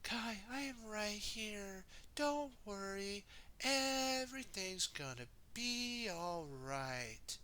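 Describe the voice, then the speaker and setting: A man voicing a gentle young woman ninja in a soft, slow, reassuring voice for a storybook reading. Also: high-pitched, lively intonation, voice pushed up, full character voice. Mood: soothing.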